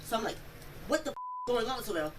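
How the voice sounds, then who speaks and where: A young woman recounting an incident in an interview, telling it in a rambling, animated way and acting out the quoted speech. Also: a little high, quick pace. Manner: animated storytelling, acts out quoted speech, many "like" fillers. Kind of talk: rambling first-person account. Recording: distant mic, noisy room audio.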